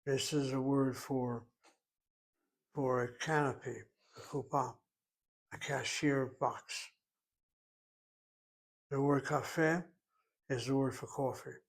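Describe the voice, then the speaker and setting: Male language teacher, unhurried, reasons through grammar points aloud. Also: medium pitch, fairly even intonation. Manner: thinks aloud, deliberate, explains step by step. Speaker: Hebrew teacher. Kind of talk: classroom grammar lecture.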